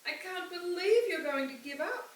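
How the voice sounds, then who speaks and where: A woman voicing a spirited young girl who is stubborn and heartbroken, speaking high and emphatic. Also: very animated, normal speed. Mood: pleading, upset. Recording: roomy, distant mic, faint hiss.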